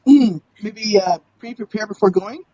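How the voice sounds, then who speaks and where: A woman's voice: mid-range voice, warm tone, muffled recording. A woman chatting as a guest on a live stream, giggling often. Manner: giggly, drawn-out speech. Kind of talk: casual live-stream chat.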